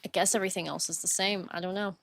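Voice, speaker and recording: Chatty woman streamer yelling at a game. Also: medium pitch, steady tone, racing, creaky. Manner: chatty, swings to loud frustrated outbursts. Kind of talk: live gameplay commentary.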